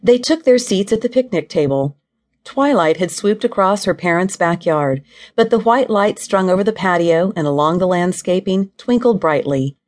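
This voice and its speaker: A woman narrates an audiobook in a low, steady voice. Her storytelling is even and measured, carrying the scene along without hurry. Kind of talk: scripted narration of a novel.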